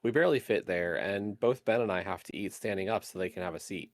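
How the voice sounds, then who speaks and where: Low-voiced man reading game narration. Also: quick pace, no room sound. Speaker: streamer.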